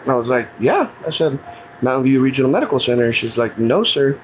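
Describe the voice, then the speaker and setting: Middle-aged man, earnest and plain-spoken, mid-pitched voice, telling his own story, faint hiss behind. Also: animated, fast talker, rough recording. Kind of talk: casual personal storytelling.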